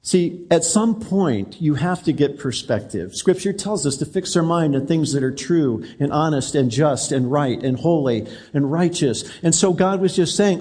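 A man's voice: fairly high pitch, expressive, moderate pace, hardly any pauses, dark tone, breathy edge. A middle-aged man preaching a sermon as a pastor, in a conversational, personal and direct manner.

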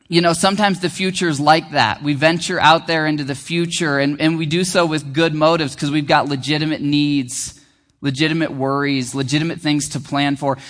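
A man preaching a sermon as pastor, earnest and conversational, slowing down to stress key phrases. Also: fairly high pitch, fairly bright tone, in a large hall.

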